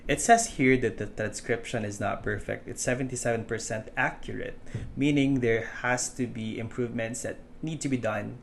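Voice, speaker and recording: Filipino English-accented male instructor, gravelly, chatty tutorial delivery, faint noise underneath. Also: medium pitch, moderate pace. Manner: chatty, many fillers and restarts. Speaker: online course instructor. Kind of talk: casual tutorial explanation.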